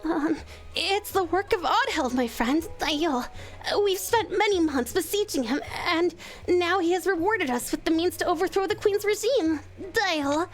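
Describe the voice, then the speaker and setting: A woman voicing an overworked, timid, goofy helper who speaks meekly and haltingly. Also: very high voice, faint music behind. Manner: meek, halting.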